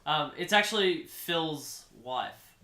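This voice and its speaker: Young man, deadpan podcast co-host, rambly, bright voice, echoey room. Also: fairly high pitch, slow. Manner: rambling, deadpan improvised storytelling. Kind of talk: casual comedic chat.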